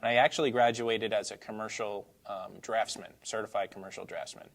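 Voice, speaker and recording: A man with a New York accent and a fairly low voice talks through his career in a loose, rambling way. He sounds relaxed and laughs easily between thoughts. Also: fairly quick, creaky. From Brooklyn, New York. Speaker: teacher interviewed as teacher of the year. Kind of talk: casual interview answers.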